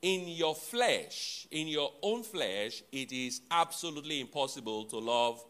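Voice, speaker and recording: A man delivering a sermon in a bright, fairly high voice that swings widely in pitch. He takes his time, repeating and spelling out important words. He tosses playful asides to the congregation. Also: sing-song, measured pace. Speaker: pastor.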